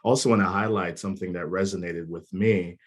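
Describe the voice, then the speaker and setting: A man hosting an interview as a clinician, speaking in an affirming, measured way. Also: low-pitched, fairly even intonation. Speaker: host, clinician. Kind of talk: interview talk.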